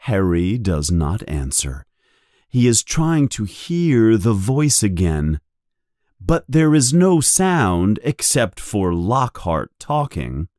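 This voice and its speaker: A man narrating a simplified story in a clear, deliberate, expressive way. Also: on the low side, no echo, clean studio sound. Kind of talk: slow simplified story reading.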